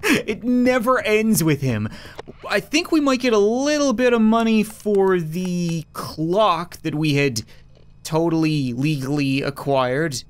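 Lively joking gameplay commentator. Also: medium pitch. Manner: joking, sarcastic, quick asides to game characters. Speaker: gaming YouTuber.

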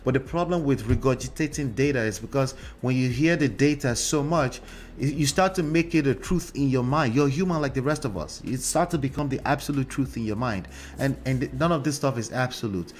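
A man's voice: medium pitch, fairly quick, slight background noise. A man hosting a relationship commentary show in a casual monologue, talking conversationally with frequent "right?" tags and fillers.

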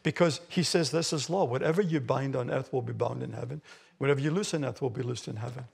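An Australian man preaching from the pulpit, his voice gravelly with a husky edge. He builds to emphatic, forceful phrases as he drives points home. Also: mid-range voice, quick pace. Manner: emphatic preaching, rising loud on key phrases. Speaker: pastor. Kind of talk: sermon. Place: church hall.

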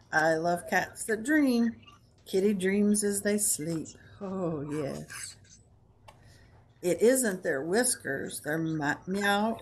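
A woman librarian reading a picture book aloud to children, gentle and drawn out, with soft asides to her listeners. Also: mid-range voice, vocal fry, slight background noise.

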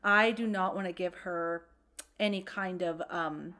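Speaking a little slowly in a lowish, pushed, bright voice, a mother in her thirties co-hosts a laid-back podcast. Her chat is self-deprecating and full of "um"s.

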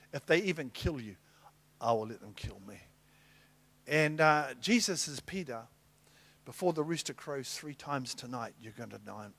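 Middle-aged male apostle, sermon, slightly high voice, animated storyteller who plays every character. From New Zealand. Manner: animated storytelling, acting out dialogue with big swings in loudness. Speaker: apostle preaching.

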